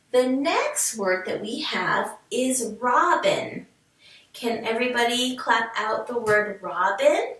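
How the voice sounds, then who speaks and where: Animated woman teaching phonics in an echoey room. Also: a little high. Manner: slow, clear, sounding words out syllable by syllable; cheerful and encouraging, speaking to young learners. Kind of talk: recorded remote reading lesson for children. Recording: echoey room, mic at a distance.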